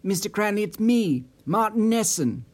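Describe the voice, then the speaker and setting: A man's voice: on the high side, brisk, a little mellow, lightly acted. A man voicing an eager, earnest young man who speaks with a raised, hopeful voice. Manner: eager, earnest, slightly breathless. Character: eager, anxious young man, associate of a missing man.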